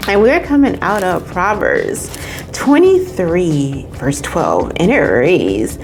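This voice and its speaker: Lower-voiced woman reviewer, gushy and talkative, wildly expressive pitch. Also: slow, slight background noise. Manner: gushing, chatty, addresses viewers as y'all; drops into hushed whispers and jumps to high squeals. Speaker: movie reviewer and channel host. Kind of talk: casual video review.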